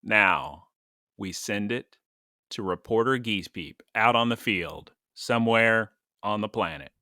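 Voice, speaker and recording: A man co-hosting a podcast in relaxed, rambling chat, quick to laugh at his own asides. His voice is bright and forward. The sound is dry and close to the mic, with no room echo. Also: lowish voice. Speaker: podcast co-host. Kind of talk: casual chat.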